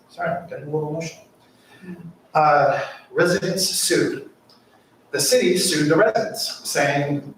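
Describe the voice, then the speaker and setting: A man's voice: fairly high pitch, expressive, unhurried, slight background noise. A man giving an impassioned public comment at a city council meeting, asking rhetorical questions. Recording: echoey council chamber mic from far off.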